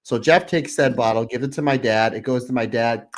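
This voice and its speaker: A man's voice: mid-range voice, brisk. A male podcast co-host with an ordinary mid-range voice. He talks through a remote podcast mic in easygoing chat, telling stories with plenty of animation and laughter. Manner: animated anecdotal storytelling with laughs.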